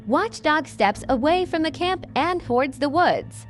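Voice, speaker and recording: Woman narrator, horror story, slow measured read, high lively voice. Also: faint music behind.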